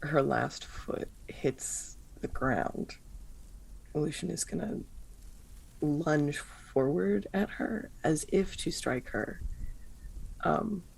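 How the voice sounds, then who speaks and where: Gravelly, raspy man narrating his character. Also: fairly high pitch, very slow, long pauses. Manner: thoughtful, hesitant, with fillers. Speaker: player. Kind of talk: tabletop role-play narration.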